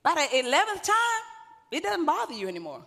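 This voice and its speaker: A woman's voice: high voice, wildly swooping pitch, brisk, bright, forceful tone. A woman pastor, preaching a sermon in a conversational way, with joking asides to the congregation. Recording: long hall reverb.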